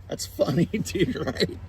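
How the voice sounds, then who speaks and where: A man's voice: high voice, a bit bright, a little hiss or hum. A man hosting a casual livestream chat, rambling, restarting his sentences and laughing often. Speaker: livestream host.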